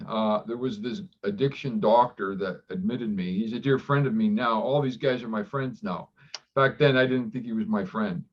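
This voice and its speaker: A man, a doctor, speaking candidly as an interview guest, reflective and halting with frequent restarts, acting out remembered dialogue. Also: lowish voice, highs cut off. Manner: acts out quoted dialogue with livelier voice.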